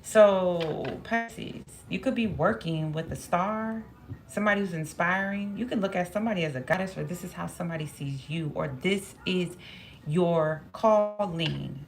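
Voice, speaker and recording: Speaking at a moderate pace in a lowish voice, a woman reads tarot aloud, musing to herself and repeating phrases while she draws cards; now and then she gets emotional.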